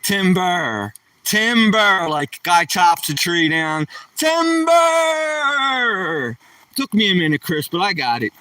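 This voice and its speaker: Man, middle-aged, casual live stream chat, joking and rambling, bright slightly high voice. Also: lively intonation, unhurried, dry recording. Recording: voice somewhat far from the mic.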